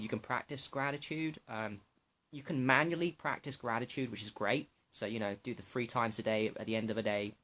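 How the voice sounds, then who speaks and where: A man's voice: medium pitch, sharp tone. A young man talking to camera in a loose, rambling way, swearing freely and often restarting his sentences. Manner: loose, profane and rambling, with many restarts and fillers. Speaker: health vlogger. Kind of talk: casual rambling monologue to camera.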